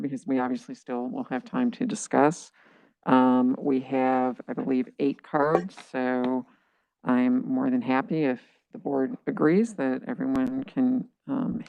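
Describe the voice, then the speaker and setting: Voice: mid-range voice, gravelly, darkish tone, dry recording. A board chair politely calling speakers at a public meeting. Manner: polite, procedural. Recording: dull, muffled meeting recording.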